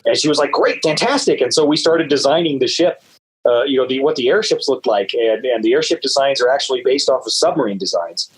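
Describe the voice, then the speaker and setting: A man guest on an interview show, telling stories in a loose, rambling way with many "uh"s and repeated words, and lively jumps in pitch when he quotes people. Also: fairly quick, breathy edge, low-quality recording. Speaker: guest author. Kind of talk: casual interview storytelling.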